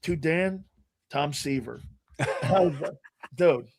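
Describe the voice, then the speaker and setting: A middle-aged man chatting casually as a sports show host, slipping into lively retellings of old memories. His voice sits a little high for a man, and the talk is loose and conversational. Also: normal speed. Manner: animated storyteller, acts out his younger self.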